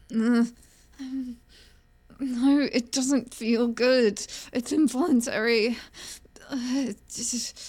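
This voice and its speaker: Using a high voice, a woman performs an adult audio role-play as a young woman with a sharp tongue, whose sarcasm eventually gives way to stammering and pleading.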